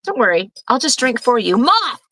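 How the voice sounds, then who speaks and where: A woman's voice: fairly high pitch, sing-song, normal speed, pushed and bright, no room sound, rough recording. A middle-aged woman co-hosting a casual podcast, chatting and joking with her live chat. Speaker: podcast co-host.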